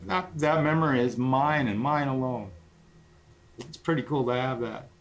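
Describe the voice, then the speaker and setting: A man's voice: mid-range voice, moderate pace. A middle-aged man livestreaming as a guitarist, chatting casually in a rambling, sentimental way with frequent swearing.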